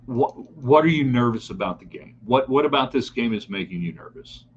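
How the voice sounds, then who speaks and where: Animated middle-aged sports talk host. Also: male voice, medium pitch, brisk, lo-fi sound, a little hiss or hum. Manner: opinionated, animated, talks straight to listeners. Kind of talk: live sports talk broadcast reading chat comments.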